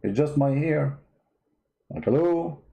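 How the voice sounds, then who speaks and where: A man's voice: on the high side, expressive, slow pace, creaky, mellow, highs cut off. A man from the Middle East hosting comic religious commentary in a sarcastic, mock-dramatic way. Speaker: host.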